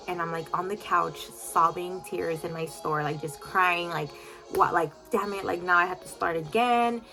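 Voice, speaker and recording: A chatty woman tells a storytime vlog to her followers, full of "like" and fillers and openly emotional. Her voice sits low for a woman yet sounds sharp and bright. Faint music plays behind her. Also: gravelly. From United States. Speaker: boutique owner telling a story to followers.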